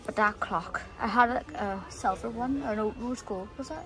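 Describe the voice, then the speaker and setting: A woman's voice: mid-range voice, normal speed, fairly bright tone, soft background music. A woman vlogging to her viewers in casual, rambling chat, correcting herself as she goes. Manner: chatty, rambling, corrects herself mid-sentence. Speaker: family vlogger.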